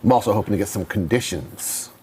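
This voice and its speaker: A man co-hosting a live board game stream, thinking aloud and announcing each move deliberately. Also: lowish voice, darkish tone, slight background noise. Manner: deliberate, thinks aloud over his moves. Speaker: co-host. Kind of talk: casual chat while playing a board game.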